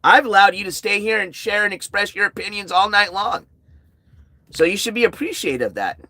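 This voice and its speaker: A man's voice: high voice, expressive, fairly quick, sharp tone, no echo. A tired man hosting a casual outdoor livestream at night, talking bluntly and sarcastically to his chat. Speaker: livestream host.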